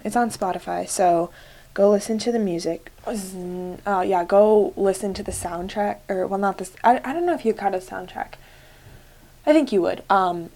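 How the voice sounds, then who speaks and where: A woman's voice: medium pitch, darkish tone. Gushing young woman podcast host. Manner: gushing, many fillers like "like" and "um". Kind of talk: casual solo podcast chat.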